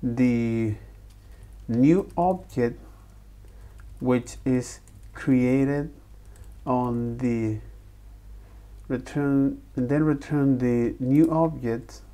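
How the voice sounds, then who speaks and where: A man explaining programming concepts in a halting way, with fillers and restarts. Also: mid-range voice, warm tone.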